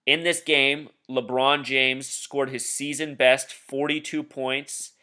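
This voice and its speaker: A man's voice: mid-range voice, flat delivery, slow pace, sharp tone, clean tone. A man talking casually over a screen share, insistently explaining his theories and addressing the viewer directly. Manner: insistent, conspiratorial; addresses viewer as "Truth Seeker". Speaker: video blogger.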